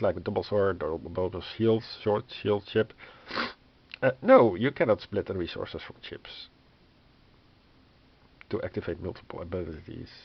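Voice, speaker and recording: Guy going hoarse reading a game rulebook out loud, lots of uhs, kinda low voice, dull lo-fi audio. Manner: hesitant, many fillers, wry and exasperated. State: losing his voice, coughing. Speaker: board game reviewer. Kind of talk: thinking aloud while reading a rulebook. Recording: dull lo-fi sound with faint noise.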